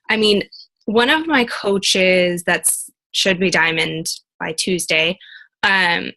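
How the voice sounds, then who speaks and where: Woman, coach, casual talk, upbeat, laughs often, acts out quotes, bright forceful tone. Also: on the low side, low-quality recording. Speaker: team coach.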